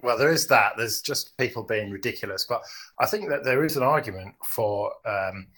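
A man makes a measured case in a relaxed podcast discussion. His voice sits a little low and has a husky grain. He builds his point one step at a time. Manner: thoughtful, builds an argument step by step. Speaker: podcast co-host. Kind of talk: casual chat.

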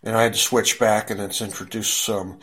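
A man with a lowish voice hosts a casual online group chat. He rambles through his thoughts, stopping often to restart his sentences and fill the gaps with "uh". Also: little pitch movement, moderate pace, bright, forceful tone, slightly rough. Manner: rambling, many fillers and restarts.

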